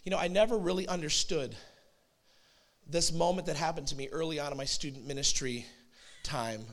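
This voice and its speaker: In a fairly bright, high, light voice, a pastor in his forties preaches storytelling-style, keeping it chatty with quick asides.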